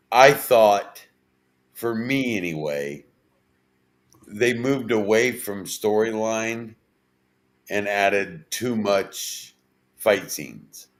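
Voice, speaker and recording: Man, podcast co-host, casual chat, lowish voice, slow and deliberate.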